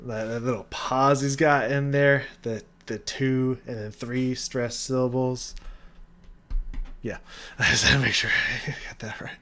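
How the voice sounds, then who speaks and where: A man's voice: mid-range voice, fairly even intonation, slow, fairly bright tone. A young man in casual chat, reacting to a song with enthusiasm, scatting rhythms and using lots of fillers. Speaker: music reaction host. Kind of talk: casual music analysis.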